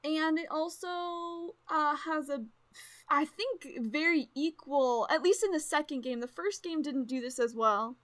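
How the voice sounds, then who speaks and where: High-voiced, excitable woman podcaster. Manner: excitable, rambling, quick to laugh. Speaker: podcast co-host. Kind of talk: casual chat.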